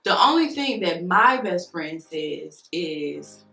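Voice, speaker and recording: A woman's voice: fairly low pitch, big pitch swings, slow, vocal fry, bright, forceful tone. A woman vlogger telling a story while doing her makeup, venting in a heated, profane, emphatic way. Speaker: beauty vlogger. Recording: roomy room with faint music.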